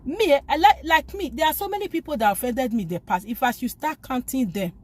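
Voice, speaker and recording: Pleading, emphatic woman with a high voice. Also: animated, fairly quick, darkish tone. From lives abroad, from back home elsewhere. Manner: pleading and emphatic, repeats phrases. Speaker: faith vlogger. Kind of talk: informal spoken exhortation on forgiveness.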